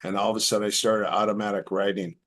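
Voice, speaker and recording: Middle-aged male podcast guest, low voice, rambling anecdotal storyteller who acts out the quotes. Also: level tone, quick pace, a bit bright. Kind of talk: casual storytelling.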